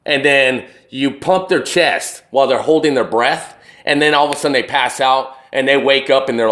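A young man telling a rambling, profane story to the camera, swinging between loud retellings and low muttering. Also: moderate pace, few pauses. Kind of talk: casual storytelling monologue to camera. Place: indoors, wall behind him.

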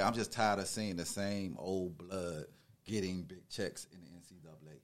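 A man's voice: fairly low pitch, moderate pace. A man co-hosting a sports podcast, riffing loose, slangy opinions in casual chat. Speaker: podcast co-host.

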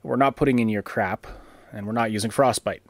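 A man's voice: on the low side, fairly quick, dry recording. A man hosting a gaming podcast, chatting casually and rambling through fillers and restarts. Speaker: podcast host.

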